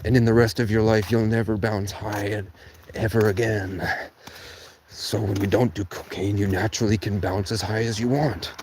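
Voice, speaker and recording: A man's voice: on the low side, steady tone, normal speed, slight background noise. A man rambling on a casual livestream from a tent outdoors in cold rain, talking to his chat and swearing freely. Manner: rambling, swearing, talks to chat, bursts into song and sudden shouts.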